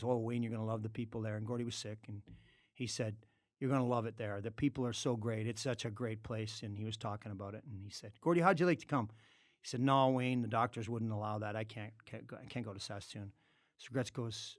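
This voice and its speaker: Middle-aged man, studio podcast guest, animated, swearing storyteller, dry close mic. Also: medium pitch, no echo. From Canada. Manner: animated, profane storyteller with loud outbursts. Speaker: podcast guest, former hockey player. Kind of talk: casual storytelling.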